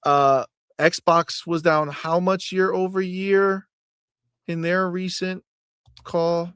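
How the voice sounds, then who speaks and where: A man hosting a casual gaming podcast, animated and joking, repeating phrases and breaking into shouts. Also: sits high, slow, smooth, dry recording. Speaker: podcast host.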